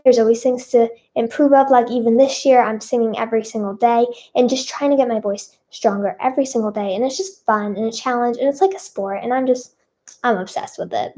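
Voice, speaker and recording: Bubbly high-voiced young woman chatting. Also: fairly quick, dark tone. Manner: bubbly, self-conscious, lots of fillers. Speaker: singer answering fan questions. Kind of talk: casual chat.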